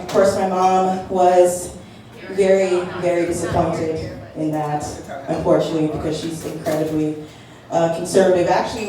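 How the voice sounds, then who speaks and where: A woman's voice: lowish voice, warm tone. A young woman doing a stand-up set, nervous and self-deprecating, laughing between jokes. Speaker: stand-up comedian. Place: comedy venue with a live audience. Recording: echoey room from far off, audience noise.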